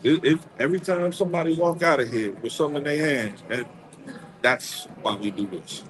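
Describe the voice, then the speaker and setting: A man's voice: fairly high pitch, a little fast, crowd noise, poor audio. A man being interviewed as a community organizer, talking in an emphatic, preacher-like way and repeating his phrases. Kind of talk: impassioned street interview.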